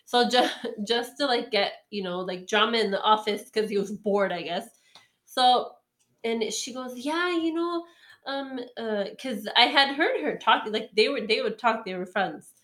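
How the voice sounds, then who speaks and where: Chatty woman with a bright voice. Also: a little high, lively intonation, a little slow. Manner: rambling, full of ums and likes, acts out quotes. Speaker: podcast storyteller. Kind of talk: casual chat.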